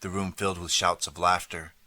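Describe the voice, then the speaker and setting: A man narrates a children's story in the first person with dramatic, lively storytelling. His voice is low but bright and forceful. The recording is dry and close. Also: a little fast, no echo. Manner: dramatic storytelling, turns pleading for the boy's lines. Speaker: audiobook narrator.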